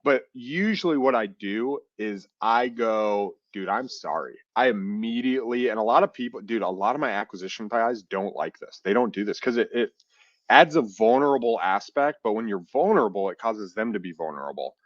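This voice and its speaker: Man, podcast co-host, animated storyteller, dry close sound, dull lo-fi audio. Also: fairly low pitch, brisk, no echo. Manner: animated, acts out phone calls, says "dude" and "like" a lot. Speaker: podcast co-host and real estate investor. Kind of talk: casual podcast chat, storytelling.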